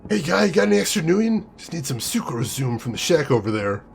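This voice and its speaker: A man's voice: on the high side, sing-song, fairly quick, creaky, soft background music. A man voicing a pushy street junkie begging for money in a video game, in a wheedling tone.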